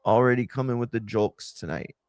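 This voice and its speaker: A man's voice: mid-range voice, a little fast, darkish tone, no echo, clean studio sound. A man hosting a watch-along stream, chatting casually in a rambling, sarcastic and exasperated way. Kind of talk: casual chat.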